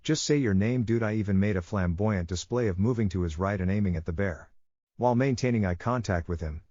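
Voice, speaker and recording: A man's voice: low-pitched, fairly quick, no echo. A man narrating a first-person horror story in a tense, gripping way. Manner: tense first-person retelling with shouted quotes. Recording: dry dull lo-fi audio.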